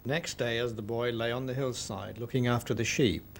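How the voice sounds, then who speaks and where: A man narrating a children's story expressively, with dramatic pauses. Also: mid-range voice.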